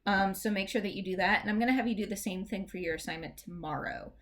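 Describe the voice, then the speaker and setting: A woman's voice: mid-range voice, fast talker, fairly bright tone. A woman teacher giving a recorded lesson on poetic meter, patiently explaining and reading lines of verse aloud with the stressed beats drawn out. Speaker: English teacher.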